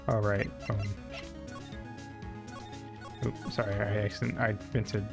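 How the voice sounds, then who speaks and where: A man's voice: lowish voice, little pitch movement, a little slow, vocal fry, over music. A man streaming a game, reading dialogue aloud and joking casually, swearing now and then.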